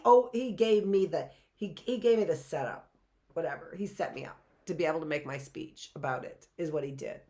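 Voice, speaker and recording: A woman's voice: mid-range voice, a little mellow. A middle-aged woman teaching a live online class in a chatty way, often checking in with "right?" and rhetorical questions.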